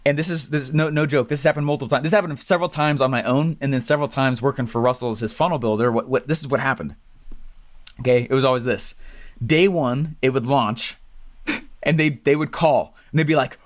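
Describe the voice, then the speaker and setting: A man teaching an online business training, talking fast and animated, often checking in with "right?" and "okay?". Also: mid-range voice. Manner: fast, animated, acts out quoted clients; keeps tagging lines with "right?" and "okay?". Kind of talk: energetic training talk to viewers.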